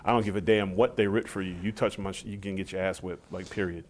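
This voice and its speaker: Man, low voice, middle-aged, interview guest, animated storyteller, acts out quotes. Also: fast, a little hiss or hum. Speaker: interview guest, former wrestler. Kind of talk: casual shoot interview.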